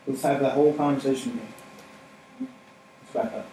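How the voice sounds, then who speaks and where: A man's voice: mid-range voice, fairly quick. A man preaching a casual, conversational sermon, telling a story with frequent laughs and acted-out quotes. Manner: animated storytelling, laughs often, acts out quotes. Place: church hall. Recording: echoey hall from far off, faint room noise.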